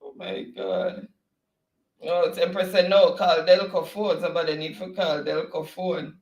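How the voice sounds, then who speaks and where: A man's voice: high voice, normal speed. Laughing man in a roomy echo. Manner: laughs often, animated and teasing. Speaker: co-host of an online trivia stream. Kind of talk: casual live-stream chat, reading viewer comments. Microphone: home desk mic.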